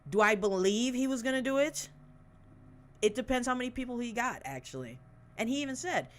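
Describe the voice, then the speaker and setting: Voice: mid-range voice, lively intonation, normal speed, fairly bright tone. Sarcastic swearing podcast host. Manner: sarcastic, mocking, swears often; reads aloud and breaks off with snarky asides. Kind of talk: casual commentary on news articles.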